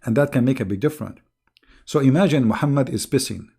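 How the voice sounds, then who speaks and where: Talking fast in a warm, mid-range voice, a male livestream host runs a sarcastic commentary monologue full of mockery, often pausing to clear his throat.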